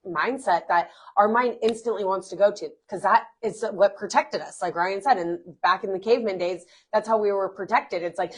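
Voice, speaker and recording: A woman's voice: mid-range voice, normal speed, few pauses, slightly rough. Upbeat chatty woman co-host. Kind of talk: casual motivational chat.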